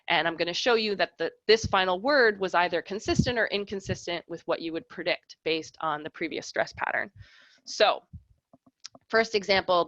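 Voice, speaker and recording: A woman's voice: on the low side, a bit bright, no room sound, highs cut off. A woman researcher giving an academic lecture and explaining examples step by step. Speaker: researcher giving a lab talk.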